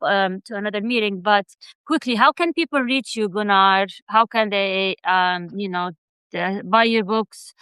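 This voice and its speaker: A woman's voice: medium pitch, bright, forceful tone, smooth, dry recording. A woman with a non-native English accent hosting an interview, asking questions and reading out viewer comments. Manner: friendly, reads out viewer comments. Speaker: host. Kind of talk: casual interview chat.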